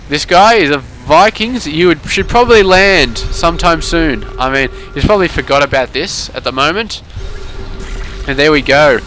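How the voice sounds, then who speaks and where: A man casts a strategy game replay in a loose, sarcastic commentary style. His voice sits a little high and sounds bright and forceful. He keeps things casual and chatty. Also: slight background noise. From Australia. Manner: laid-back, sarcastic, keeps tagging lines with "man". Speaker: game caster.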